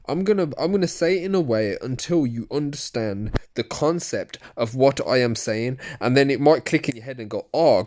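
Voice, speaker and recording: A man with a middle-pitched voice rants through commentary on a recorded argument. His talk is profane and insulting, packed with curses and jabs at the people in the clip. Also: mellow. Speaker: video commentator.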